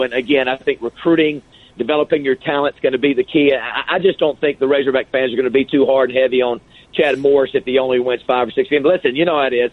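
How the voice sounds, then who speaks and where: Fast-talking male radio guest on phone. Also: mid-range voice. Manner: rapid, peppered with "you know". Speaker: guest analyst. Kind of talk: radio interview. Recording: tinny phone line.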